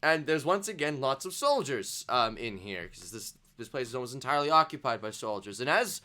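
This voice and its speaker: A man's voice: mid-range voice, big pitch swings, brisk, sharp tone. A man narrating a tabletop game as game master, rambling with many ums and restarts.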